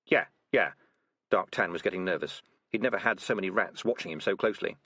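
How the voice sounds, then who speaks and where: A man narrating a fantasy audiobook in expressive scripted storytelling. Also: low-pitched, fast, slightly rough, dry recording.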